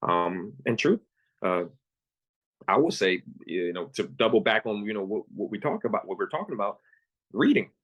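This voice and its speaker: A man in his thirties from Pennsylvania, telling his own story as a guest with earnest, halting, repeated phrases. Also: on the low side, very animated, muffled recording. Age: 30s. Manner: earnest, repeats words, acts out his own thoughts in quotes. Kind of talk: candid personal storytelling.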